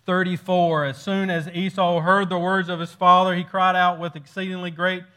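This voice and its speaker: A man preaching an expository sermon, with a voice high for a man. He moves through the passage verse by verse, reading aloud and then explaining. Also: level tone, normal speed, pushed and bright, smooth. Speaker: pastor.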